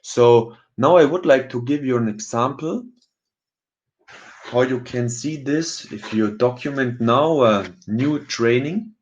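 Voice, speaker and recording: Casting: young male coach, slow halting webinar delivery, slightly dull lo-fi sound. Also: mid-range voice, a little hiss or hum. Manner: hesitant, many ums and uhs, non-native phrasing. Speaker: goalkeeping coach presenting software. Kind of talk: webinar screen-share walkthrough.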